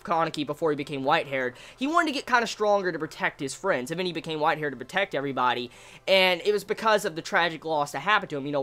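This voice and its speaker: A woman giving an excited, casual manga review, swearing freely and bursting into shouts. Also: low-pitched.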